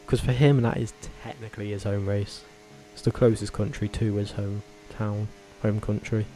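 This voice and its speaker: Low, mellow man rambling opinions. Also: normal speed, faint music behind. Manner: rambling and animated, with self-corrections and tangents. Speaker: vlogger. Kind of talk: casual opinionated commentary.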